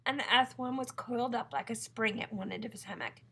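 A woman calmly narrating a children's storybook aloud. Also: a little high, fairly quick, slight background noise. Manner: calm, even read-aloud. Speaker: audiobook reader.

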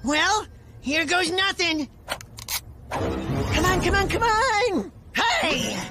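An actor voicing an excitable, hungry cartoon boy who whines and cries out dramatically. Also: very high voice, very slow, loud music behind the voice, full character voice. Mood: frantic. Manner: whiny, dramatic, loud exclamations. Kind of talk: cartoon voice acting.

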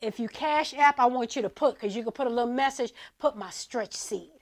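A woman's voice: a little high, a little fast. A woman, a pastor's wife, leading a church offering appeal in an emphatic sermon style, repeating her calls to the congregation. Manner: emphatic, repetitive exhortation. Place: church service streamed online.

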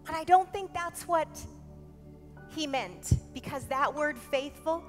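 A woman pastor preaching a sermon in a church service, earnest and emphatic, often dropping soft and then swelling loud. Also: sits high, takes it slowly, soft background music. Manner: earnest, emphatic, swinging between quiet and loud.

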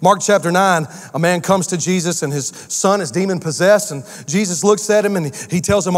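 A man preaching a sermon as pastor, telling stories with acted-out voices in a lively, animated way. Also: high voice, normal speed, few pauses. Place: church sanctuary. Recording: long hall reverb from a church sanctuary.

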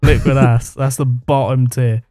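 A man's voice: medium pitch, little pitch movement, unhurried, dark tone, dry recording, studio quality. A man co-hosting a podcast in casual, joking chat, swearing freely and holding his mic in hand. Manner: swearing, joking, laid-back. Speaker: podcast co-host. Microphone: handheld mic.

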